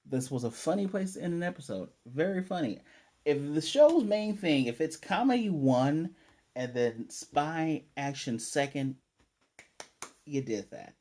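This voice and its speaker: Animated, chatty male anime reviewer. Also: fairly high pitch, unhurried. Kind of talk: casual chat.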